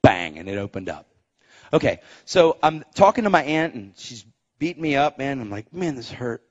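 A man's voice: medium pitch, sing-song, moderate pace. A man preaching a testimony sermon, telling his story emphatically and punching it with sound effects. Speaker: evangelist. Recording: dull, muffled recording.

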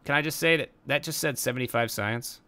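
A young man giving casual let's-play commentary, excitable and bursting into loud exclamations. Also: medium pitch, a little fast, clear, resonant tone. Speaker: gameplay commentator.

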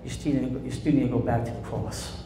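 A man's voice: mid-range voice, level tone, fast, echoey room. A male pastor preaching in a church sanctuary, his voice ringing around the room and carrying faint ambient hum behind it. He talks in a call-and-response style, asking the congregation to answer him. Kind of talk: sermon.

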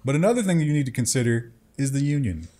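A man's voice: mid-range voice, big pitch swings, fast, dark tone. A man co-hosting a tech news show, chatting casually with wry, joking asides. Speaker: co-host.

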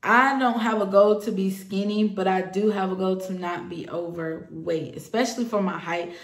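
A woman's voice: mid-range voice, fairly even intonation, normal speed. Woman vlogger, candid and personal, talks to camera in a roomy space. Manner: earnest, personal, hopeful. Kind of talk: casual talk to camera. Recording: echoey room.

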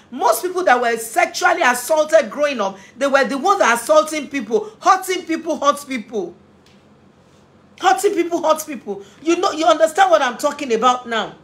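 A woman's voice: high voice, a bit bright. A woman giving an impassioned parenting talk as a family therapist, earnest and emotional, often repeating phrases for emphasis. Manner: emotional, pleading. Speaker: family therapist and inspirational speaker.

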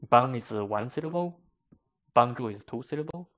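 A man's voice: mid-range voice, expressive, normal speed, fairly bright tone. A man whose first language is Chinese, teaching vocabulary to learners in a patient, step-by-step way with frequent fillers.

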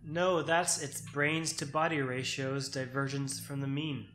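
A man co-hosting a casual chat over a card game, explaining things at length with nerdy excitement. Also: medium pitch, unhurried, roomy sound, slight background noise, low-quality recording. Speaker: podcast co-host.

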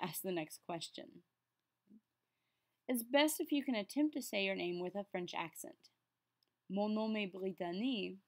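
An upbeat, encouraging woman explains French to her students, her pitch sitting in a middle range. She slows down and carefully sounds out each French word before picking up her speaking pace again. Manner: patient, slows down to enunciate French words. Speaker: French teacher. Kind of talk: classroom lesson explanation.

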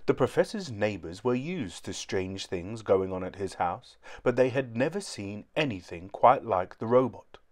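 A man reading a children's book aloud in a clear, steady storytelling manner. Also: lowish voice, moderate pace, few pauses.

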